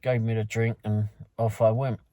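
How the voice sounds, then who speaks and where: A man's voice: on the low side, flat delivery, normal speed, dark tone, no room sound. A man with a London accent, a food delivery driver, casually recapping a night of work in a rambling way, full of fillers and restarts. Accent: London English. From London, England. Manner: rambling, loose storytelling with many fillers and restarts.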